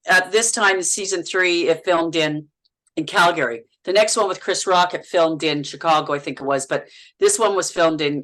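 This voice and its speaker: A middle-aged woman from Canada, an actress and podcast guest, telling on-set stories in a lively, laughing way, often repeating words as she goes. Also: on the low side, rough recording. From Canada, Manitoba. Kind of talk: casual interview chat.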